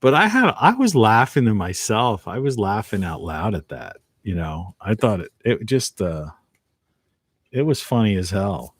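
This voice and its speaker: A man with a lowish voice talks through a casual live-stream monologue at home. He rambles and reflects, circling back and trailing off. The sound is dry and close, with no room echo. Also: sing-song, unhurried, breathy edge. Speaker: live video host.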